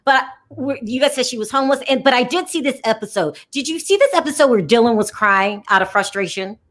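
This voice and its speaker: Woman, host, casual chat, very high voice, questioning. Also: fairly quick. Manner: questioning, lively.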